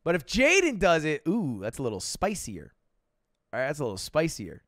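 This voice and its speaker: A man's voice: a little high, huge pitch swings, moderate pace, fairly bright tone. A man in his twenties giving casual, rambling reaction commentary, laughing and packing his talk with fillers. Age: 20s. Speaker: streamer reacting to a video.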